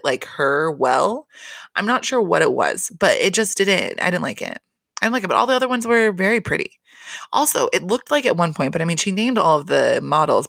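A woman giving a casual solo recap of a reality show, rambling and expressive, swearing freely and laughing often. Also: deep voice, vocal fry, no room sound, clean studio sound.

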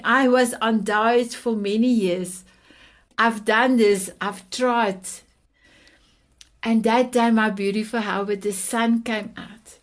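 On a podcast, a fifty-something South African woman with a South African accent, raised speaking Afrikaans, tells her personal story tenderly, repeating endearments. She speaks slowly in a steady, higher-pitched voice.

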